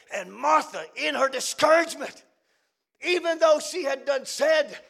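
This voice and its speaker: Male revival preacher with a very high, gravelly voice. Shouts, then drops to hushed, drawn-out words. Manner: swings between shouting and hushed low phrases, drawn-out words. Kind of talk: fiery revival sermon.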